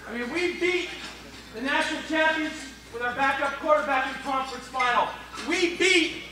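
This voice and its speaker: A man's voice: very high-pitched, bright, forceful tone. A middle-aged man, a football coach, giving a humorous induction speech full of anecdotes. He speaks into a corded microphone at an awards banquet. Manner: jokey storyteller, acts out dialogue. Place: banquet hall at an awards ceremony. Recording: echoey hall, voice from a distance.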